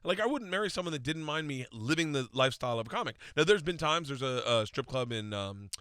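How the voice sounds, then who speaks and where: Fast, bright-voiced comedian man. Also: mid-range voice, expressive, smooth, no echo, clean studio sound. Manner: rambling, self-deprecating anecdotes. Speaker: comedian guest. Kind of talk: casual storytelling chat. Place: radio studio.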